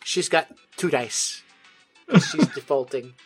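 A man's voice: fairly high pitch, wildly swooping pitch, slow pace, soft background music. A man running a tabletop game as game master, narrating with a playful, wry manner. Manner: playful and wry, breaks into laughter.

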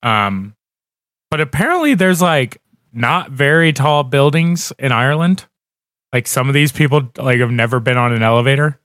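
In clean, dry studio sound, a man co-hosts a podcast, chatting casually, rambling, poking fun at himself and laughing often. His voice is mid-range and fairly bright, with lively intonation and a moderate pace.

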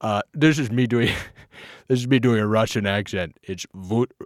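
Here is a man doing an impression of a blustery ex-politician calling in tipsy to a comedy show. He rants through a rambling conspiracy theory in a lowish, dry voice. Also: moderate pace, no room sound, lightly acted. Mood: ranting. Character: tipsy male caller, a gruff former politician.

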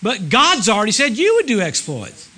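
A middle-aged man preaching a sermon at a church service, animated, swinging from loud exclamations to low murmurs. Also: normal speed. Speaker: guest preacher.

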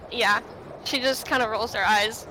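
A woman narrating a tabletop game as the game master, in a relaxed, unhurried way with many fillers. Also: on the high side. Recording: noticeable background noise.

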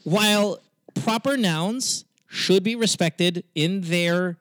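High-voiced Americanized-accent man, podcast host. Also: takes it slowly, no room sound. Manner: profane, animated and argumentative with frequent stammered restarts. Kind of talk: casual podcast chat.

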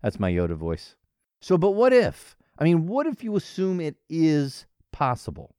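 Playful solo podcast host, man; animated pitch, dry studio sound. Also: moderate pace, smooth, dry recording. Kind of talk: casual solo podcast monologue.

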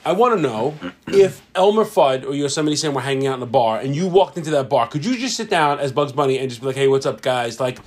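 A man's voice: fairly high pitch, animated, fast talker. A middle-aged man, co-hosting a casual podcast and telling rambling, profane stories. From Staten Island, New York. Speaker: podcast co-host. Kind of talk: casual chat. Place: home podcast setup, drinking.

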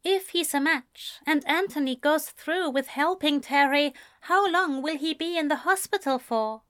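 A woman voicing a worried, caring young man in a noticeably higher voice. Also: unhurried, fairly bright tone.

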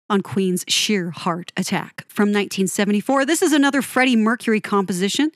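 A young woman hosting a solo music deep-dive show, chatty and enthusiastic with frequent laughs, her voice a little froggy and winded after a run. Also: fairly quick, hardly any pauses, no room sound, clean studio sound. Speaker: music podcast host. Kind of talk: casual solo music analysis.

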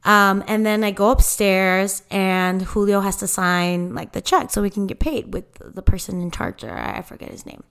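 Young woman, podcast co-host; smooth, clear voice, mid-pitched; animated, filler-heavy storytelling. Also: moderate pace, hardly any pauses. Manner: animated retelling with quoted voices, many fillers. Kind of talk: casual storytelling chat.

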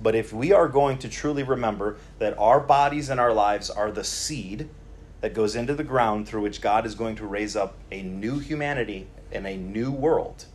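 Male preacher, casual teaching sermon, animated, acts out quotes, frequent restarts. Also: mid-range voice. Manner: many restarts and repeated words. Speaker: preacher teaching a Bible series.

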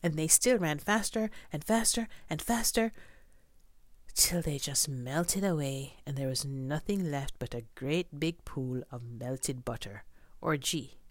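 A woman reading a children's story aloud in an expressive, drawn-out storytelling manner. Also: sits low, no echo.

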